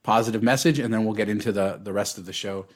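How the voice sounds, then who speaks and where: A man, the podcast host, moving the talk into the episode in a steady, measured way. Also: fairly low pitch. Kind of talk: show intro.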